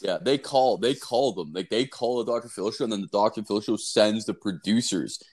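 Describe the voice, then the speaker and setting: Male podcast co-host in his thirties, low-pitched, profane and rambling. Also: moderate pace. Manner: profane, rambling, animated storyteller. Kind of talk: casual storytelling chat.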